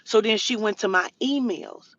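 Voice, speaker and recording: A woman's voice: a little high, normal speed, fairly bright tone, dry recording, lo-fi sound. A woman telling a heated storytime rant to camera, profane and indignant, mimicking the person who harassed her. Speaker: spiritual reader.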